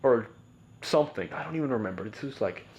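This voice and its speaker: A man talks through a personal story on a podcast in a loose, rambling way, leaning on "like" and "bro" and restarting his sentences. His voice sits at an ordinary middle pitch. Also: animated, fast, darkish tone. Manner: rambling, heavy use of "like" and "bro", frequent restarts. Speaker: podcast guest.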